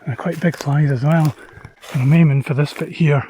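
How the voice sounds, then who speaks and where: A man narrating his hill walk casually to the camera, relaxed and self-deprecating, pausing often on "uh" while outdoors on an open hillside. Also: fairly high pitch, slightly rough. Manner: chatty, relaxed, self-deprecating, with frequent "uh" pauses. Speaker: hiking vlogger. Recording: outdoor recording with wind noise.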